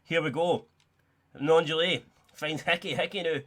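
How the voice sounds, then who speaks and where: A young man giving excitable, sweary, joking play-by-play commentary while playing a football video game. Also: a little high, normal speed. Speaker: gaming YouTuber.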